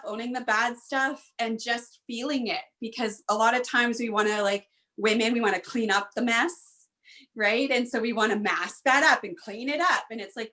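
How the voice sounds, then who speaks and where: Woman guest speaker, earnest and emphatic, repeats lines for punch, kinda high voice. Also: pushed and bright. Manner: earnest and emphatic, storytelling with repetition. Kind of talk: motivational interview talk.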